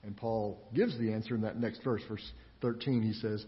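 A man preaching a sermon as pastor, animated, laughing now and then. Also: on the low side, normal speed. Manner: animated preaching with laughs and acted-out inner voices. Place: church sanctuary. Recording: echoey church hall, dull lo-fi.

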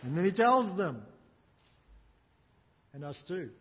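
A man preaching a sermon, earnest and emphatic, with dramatic pauses. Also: sits high, sing-song, breathy edge, long reverb tail, lo-fi sound. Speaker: pastor.

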